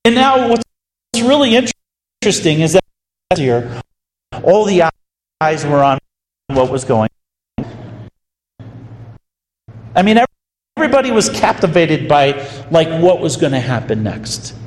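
Animated preacher man in an echoey hall. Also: measured pace, pauses often, slight background noise. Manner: animated, swings pitch for emphasis. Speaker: associate pastor. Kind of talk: sermon storytelling.

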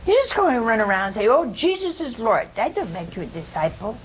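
A woman giving an informal scripture teaching to a small group, conversational and humorous, often pausing to ask her listeners "See?". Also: on the high side, sing-song, noisy background. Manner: conversational, keeps asking "See?" and questioning listeners; homespun humor, laughs at her own jokes. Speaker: religious teacher.

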